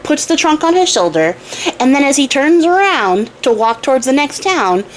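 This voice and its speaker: A young woman retells an old fairy tale in a loose, chatty way, tossing in irreverent asides as she goes. Her voice sits a bit high, with a faint hum of room ambience behind it. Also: very animated, normal speed, low-quality recording. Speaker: craft channel host.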